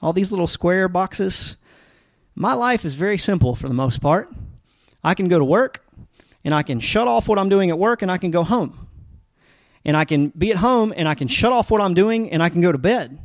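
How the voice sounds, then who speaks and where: A man preaching a sermon as a pastor, talking casually with lots of fillers and restarts, and getting animated when he tells stories. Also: sits high, moderate pace, dry recording, studio quality. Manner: conversational, rambling with fillers and restarts; animated storytelling with rising energy.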